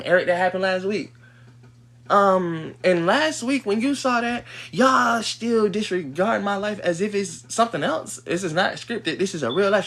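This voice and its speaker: A fairly high-voiced man rants on a livestream. His delivery is heated and profane. It drops to low mutters, then swings up into loud, sharp outbursts. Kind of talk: livestream rant.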